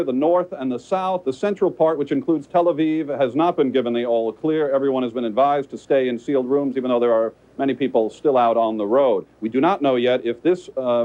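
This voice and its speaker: A male correspondent giving a live field report in a plain, steady delivery with some fillers. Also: medium pitch, fast, few pauses, lo-fi sound.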